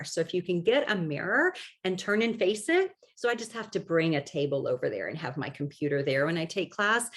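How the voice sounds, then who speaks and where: A woman hosting her own podcast in a relaxed solo chat, her voice on the low side but swinging widely in pitch. She talks chattily and warmly encouraging, full of little asides, and pokes gentle fun at herself. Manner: chatty, self-deprecating, lots of "like" and "you know". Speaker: podcast host. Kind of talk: casual solo podcast talk.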